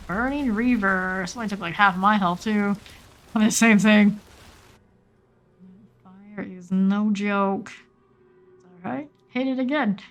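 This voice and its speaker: A woman streamer giving steady, matter-of-fact running commentary while she plays a game live. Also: mid-range voice, unhurried, long pauses, lo-fi sound.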